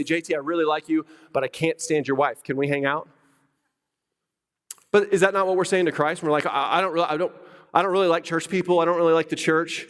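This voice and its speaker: Male pastor, sermon delivery, emphatic and questioning, higher-pitched, church-hall reverb. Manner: emphatic, repeats key words, asks the congregation questions.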